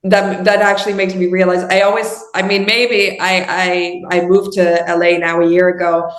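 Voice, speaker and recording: A woman's voice: fairly low pitch, little pitch movement, moderate pace, roomy sound. A woman from the Netherlands, speaking English with a Dutch accent as a filmmaker guest in a casual interview, thoughtful and often searching for words.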